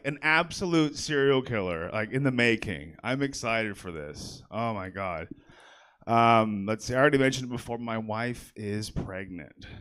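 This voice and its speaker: A young man doing a stand-up set in a comedy theater, working the crowd. He talks in a loose, rambling way full of fillers and pokes fun at himself. His voice sits at an ordinary middle pitch for a man. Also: fairly bright tone, clear, resonant tone. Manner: chatty, self-deprecating, full of "like" fillers.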